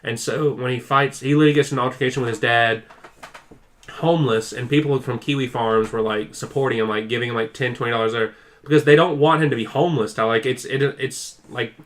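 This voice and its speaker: A podcast co-host with a medium-pitched, steady voice talks at a quick pace as he rambles through a lengthy story. "Like" comes up constantly, and he performs other people's lines with extra intensity.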